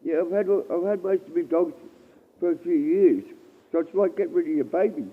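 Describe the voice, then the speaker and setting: A man rambling and halting through a casual livestream chat from a dark shed, often repeating himself and swearing. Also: a little high, breathy edge. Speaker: live streamer. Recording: tinny phone-like stream audio.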